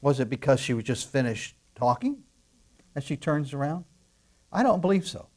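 A man preaching a sermon emphatically, asking rhetorical questions and dropping into soft asides. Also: medium pitch, big pitch swings, normal speed. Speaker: pastor.

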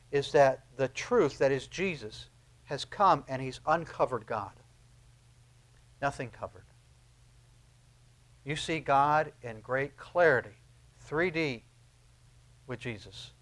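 A middle-aged man preaching a sermon, dropping to quiet, low asides and then rising to loud, emphatic peaks. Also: slow pace, pauses often. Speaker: pastor.

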